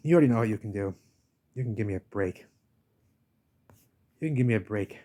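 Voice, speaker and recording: A man's voice: fairly low pitch, animated, moderate pace, mellow. An insistent, ranting man speaks to the camera while walking through an old village outdoors. His casual vlog monologue circles back on itself, hammering the same points again and again. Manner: ranting, insistent, talks at the camera with repeated "baby". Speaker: vlogger filming a village walk.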